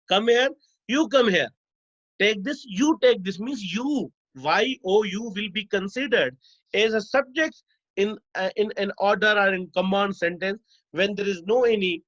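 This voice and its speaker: A man with a high voice teaches a grammar lesson and says every example twice, slowly and deliberately. He keeps calling his class "dear students". The recording is dull and lo-fi, with a dry, close sound. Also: a bit bright, no room sound. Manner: repeats each example slowly, stretching words.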